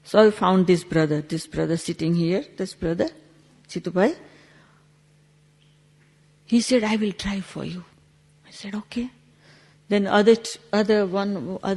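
A woman's voice: mid-range voice, measured pace, pauses often, darkish tone, husky, big-room sound. A woman giving a spiritual talk, telling a story with acted-out dialogue in non-native English. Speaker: spiritual teacher.

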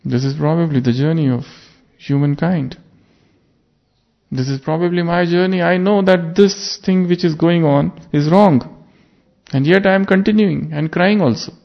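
A man delivers a spiritual sermon, his voice rough with gravel. He speaks earnestly, turning his points into rhetorical questions for his listeners. The recording sounds dull and lo-fi. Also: on the high side, fairly even intonation, moderate pace. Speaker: spiritual teacher. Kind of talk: sermon with parable. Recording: muffled lo-fi recording.

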